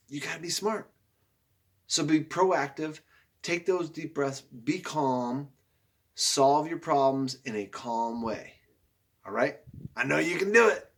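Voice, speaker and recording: Male teacher, slightly high voice, encouraging, speaks to young children. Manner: upbeat and encouraging, calling out pupils by name; slow, soft guided breathing. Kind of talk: video lesson to young pupils.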